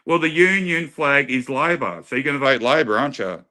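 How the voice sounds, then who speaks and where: A man's voice: mid-range voice, animated, fairly quick, sharp tone. An Australian man hosts a livestream and argues his point hard. He swears constantly and circles back to the same lines again and again. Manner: swearing, repetitive, lecturing. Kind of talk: heated livestream argument.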